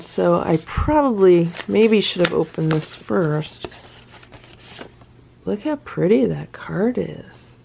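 Slow, gravelly-voiced woman gushing over gifts. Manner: delighted, gushing, slips into soft whispers and high cooing at her cat. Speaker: cat rescue video host. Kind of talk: casual unboxing chat to camera.

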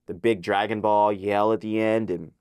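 A young man, a voice actor guest, telling an excited story in a casual interview, full of filler words and acted-out quotes. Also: on the low side, moderate pace, clean tone, no room sound, studio quality.

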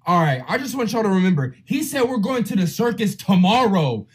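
A young man riffing on cartoons with loud, profane, mocking comedy and plenty of slang. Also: high-pitched, big pitch swings, a little fast. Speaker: YouTube commentator.

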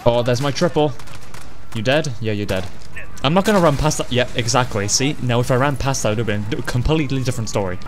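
A man commenting on a video game as he plays, excitable, swearing and laughing often. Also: medium pitch, quick pace. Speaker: gamer. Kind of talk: let's play commentary.

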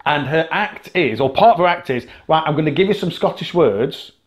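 A man's voice: fairly high pitch, a little fast. A man from Britain co-hosting a podcast, telling stories in casual chat with lots of laughs and restarts. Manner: animated storyteller, laughs often, many restarts. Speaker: podcast co-host.

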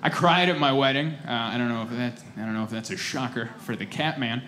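A man's voice: medium pitch, brisk. A man in his thirties doing a self-deprecating stand-up set, acting out quoted voices along the way. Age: 30s. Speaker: stand-up comedian. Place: comedy stage before a laughing audience. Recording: live comedy set with audience noise. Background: audience laughter.

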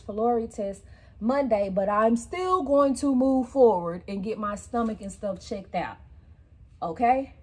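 A woman vlogger in a chatty, candid mood, talking straight to her audience as y'all. She is lively and quick to break into excited squeals, keeping an easy, mid-range voice. Her tone stays down-to-earth throughout. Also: medium pitch, slight background noise. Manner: animated, bursts into excited squeals. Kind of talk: casual vlog talk to viewers.

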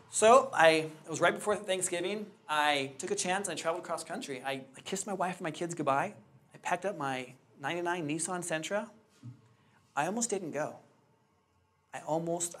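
Male real estate trainer in his thirties, higher-pitched voice, candid storyteller addressing a class in a training room. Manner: candid, animated storytelling with quoted dialogue. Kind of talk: storytelling talk to a live class. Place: training room with hard floor.

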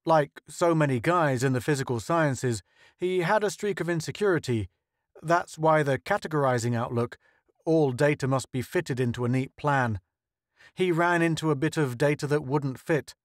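An earnest, thoughtful scientist who explains at length in a slightly high voice, as a male narrator plays him. The sound is dry and close. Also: moderate pace, dry recording, lightly acted.

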